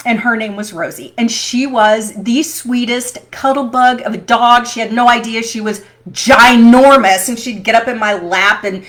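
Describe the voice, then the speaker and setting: A woman with a slightly high voice shares personal stories in a casual vlog. She talks in a chatty, animated way and laughs often as she goes. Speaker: vlogger.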